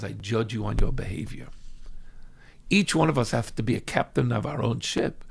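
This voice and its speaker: A gravelly-voiced man teaches as a rabbi, and his pitch leaps all over the place. He swings from loud, dramatic bursts to hushed asides. He acts out the people he quotes, and his voice sits a little high for a man. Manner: acts out everyday speakers when quoting them. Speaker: rabbi teaching a weekly class. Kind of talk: animated religious teaching.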